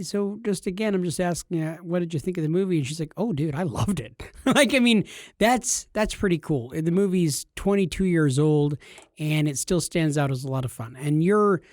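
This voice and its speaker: A man's voice: on the high side, moderate pace, darkish tone, no echo, studio quality. A man co-hosting a gaming podcast, chatting casually and teasing in a jokey way. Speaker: podcast co-host. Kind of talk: casual chat.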